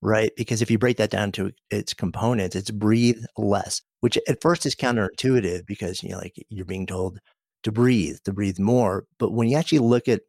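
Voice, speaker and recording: Low husky guy, thoughtful and measured, dry sound. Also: darkish tone, no echo. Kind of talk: reflective casual chat.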